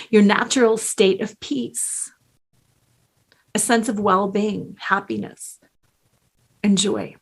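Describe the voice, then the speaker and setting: A middle-aged woman coach giving a slow, earnest motivational talk with strong emphasis. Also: medium pitch.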